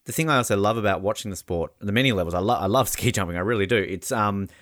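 A man's voice: on the low side, fast talker, a bit bright, dry recording, studio quality. A man interviewing an athlete, asking long, rambling, enthusiastic questions. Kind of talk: casual interview.

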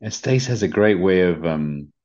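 Low-voiced British man hosting a podcast. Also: lively intonation, normal speed, dull audio. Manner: gentle, earnest, many fillers and restarts. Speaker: podcast host. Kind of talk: casual spiritual podcast talk.

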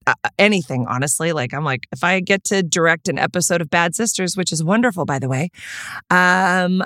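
A woman's voice: on the low side, a little fast, a bit bright, dry recording, clean studio sound. A woman talking about the film she directed, enthusiastic and gushing, laughing often. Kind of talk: casual chat.

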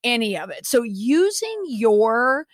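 A woman's voice: fairly high pitch, big pitch swings, takes it slowly, dry recording, studio quality. A woman in her forties hosting an interview, asking questions and affirming often. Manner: engaged, asks questions, frequent affirmations. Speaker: host. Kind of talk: interview conversation.

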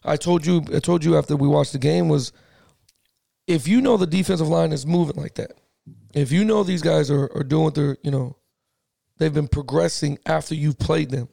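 A man co-hosting a sports podcast, animated and casual, swearing now and then as he talks football. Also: a little high, moderate pace, gravelly, dry recording, clean studio sound. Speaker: podcast co-host.

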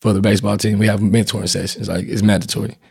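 A young man and father, a guest speaking in a relaxed, earnest and soft-spoken way. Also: fairly low pitch, quick pace, creaky, slightly rough, no echo, clean studio sound. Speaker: guest, father and youth baseball mentor. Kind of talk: casual conversation.

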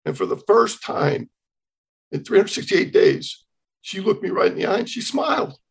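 A man in his sixties, a podcast guest, telling a personal faith testimony in an animated way, acting out the dialogue he quotes. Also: sits high, normal speed, creaky.

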